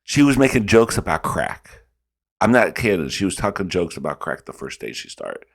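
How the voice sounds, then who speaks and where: A man with a very low voice hosts a reaction video. He tells stories in casual, animated commentary full of swearing. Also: normal speed, gravelly, husky. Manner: profane, animated storytelling.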